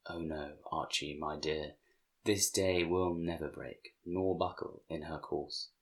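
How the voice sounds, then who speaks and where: A man voicing a doting, sly demon woman in soft, cooing tones. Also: lowish voice, normal speed, lightly acted.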